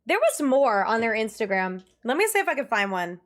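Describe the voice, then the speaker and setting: A young woman chats with her stream viewers in a loose, casual way. Her voice sits a little high, and she rants in an exasperated, animated tone. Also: fairly quick. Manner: animated, exasperated ranting with laughs. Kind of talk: casual livestream chat.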